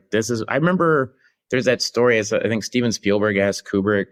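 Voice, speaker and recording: A middle-aged actor and comedian telling stories in casual chat, rambling with restarts and laughter. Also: male voice, medium pitch, a little slow, pauses often.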